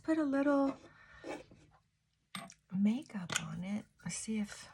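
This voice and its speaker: A woman's voice: a little high, animated, slow pace, vocal fry, noisy background. A middle-aged woman vlogger chatting casually and reflectively while doing her makeup, rambling and trailing off mid-thought.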